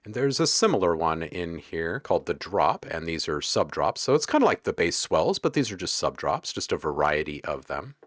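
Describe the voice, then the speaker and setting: A man hosting a casual livestream, chatting with viewers in a relaxed, joking way while browsing sound packs. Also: low-pitched, moderate pace, hardly any pauses, no echo, studio quality. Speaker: livestream host.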